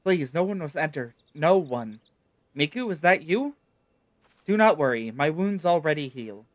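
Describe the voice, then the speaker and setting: A man's voice: on the high side, animated, measured pace, no echo, voice pushed up. A man voicing a frail, wounded young woman in a game, speaking faintly and pleading earnestly.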